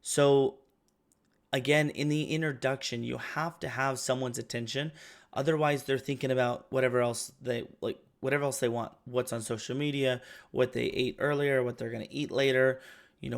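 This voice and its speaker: A man who trains insurance agents, explaining sales steps in a casual, conversational way and letting his phrase ends trail off quietly. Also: mid-range voice, fairly even intonation, moderate pace.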